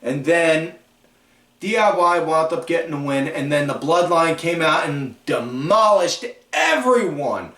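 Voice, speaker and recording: Slow-talking man recapping wrestling. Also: fairly high pitch, expressive, fairly bright tone. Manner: slow, drawn-out, rambling delivery with frequent fillers. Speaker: wrestling podcast host. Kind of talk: casual wrestling recap commentary. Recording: echoey room, far from the mic.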